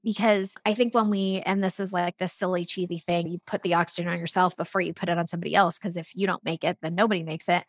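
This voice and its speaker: A woman in her thirties, a podcast guest, telling a personal story in an earnest, animated way and often saying "like". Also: on the low side, fairly quick, hardly any pauses, no room sound. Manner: earnest and animated, frequent "like" fillers. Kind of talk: candid conversational storytelling.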